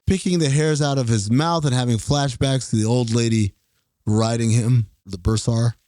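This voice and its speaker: A man's voice: medium pitch, moderate pace, no echo, clean studio sound. A man co-hosting a film podcast, joking and arguing his picks in casual chat. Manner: joking, animated, argumentative. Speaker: podcast co-host.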